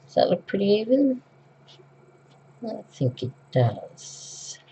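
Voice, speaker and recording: With a warm, medium-pitched voice that swings widely in pitch, this Australian woman in middle age talks slowly and casually as she works through a home craft tutorial. She's a vlogger recovering from flu who rambles, saying um a lot and correcting herself. There's slight background noise on the dull, lo-fi recording.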